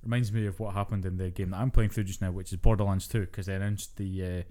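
Male podcast co-host, low mellow voice, fast casual chatter with easy laughs. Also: flat delivery. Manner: quick, chatty, laughs between points. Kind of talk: casual gaming chat.

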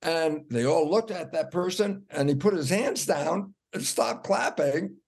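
An older man, a cell biologist guest, telling a story with animated, acted-out quotes and laughter. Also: fairly high pitch, unhurried, creaky, breathy edge. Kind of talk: storytelling in an interview.

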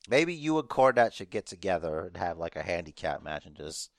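A man with a low voice and a gravelly, fried edge co-hosts a podcast, chatting casually. He teases his co-host and slips into mock-serious speeches. The sound is dry and close. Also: sing-song, fairly quick, dry recording. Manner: joking, teasing, mock-serious asides. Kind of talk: casual chat.

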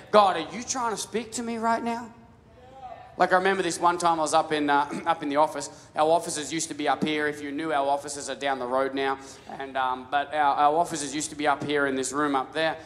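A man's voice: mid-range voice, a bit bright, slight background noise. A man preaching a sermon, telling stories casually with many restarts and repeated words. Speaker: pastor. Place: large church hall. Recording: live sermon with long hall reverb.

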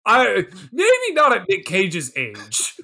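A man's voice: high voice, huge pitch swings, slow pace, gravelly, bright, forceful tone. A man in his twenties co-hosting a podcast, ranting in exasperation about a film, swearing and laughing as he talks. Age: 20s. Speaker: podcast co-host reviewing a film. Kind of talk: casual chat.

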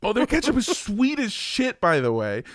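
A man holds forth in relaxed podcast conversation. His pitch swings widely as he acts out the people in his stories, and he swears freely. The sound is close and dry, with no room in it. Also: normal speed, dry recording. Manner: animated, profane, mocking voices in stories. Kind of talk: casual chat, storytelling.

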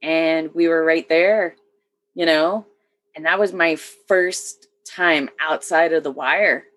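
Woman veteran, low voice, matter-of-fact storytelling, casual chat. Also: steady tone, takes it slowly, fairly bright tone. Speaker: military veteran. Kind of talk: casual conversation.

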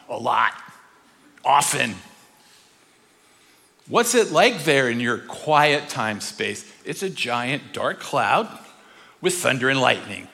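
A man teaching a sermon, animated and full of rhetorical questions, sometimes acting out voices. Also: mid-range voice, slow, gravelly, long pauses, long reverb tail. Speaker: speaker.

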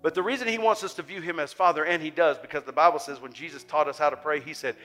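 Impassioned older man preaching, bright voice. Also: on the high side, fast talker, soft background music. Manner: impassioned, swings from soft to loud. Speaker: pastor. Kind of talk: sermon.

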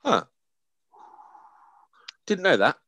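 A man's voice: a little high, big pitch swings, extremely slow, pushed and bright. A man with an English accent co-hosting a podcast in casual, playful, sweary banter. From England. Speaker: podcast co-host. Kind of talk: casual chat.

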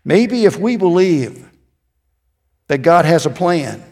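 A man pastor preaching a sermon, telling stories and dropping to quiet emphasis on key words. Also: fairly high pitch, big pitch swings, takes it slowly, big-room sound.

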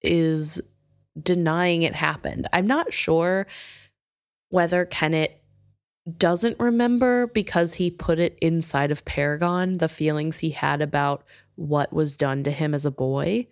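A woman's voice: low voice, fairly even intonation, a little slow. A woman co-hosting a book podcast, thinking aloud about a story. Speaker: podcast co-host. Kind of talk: book discussion.

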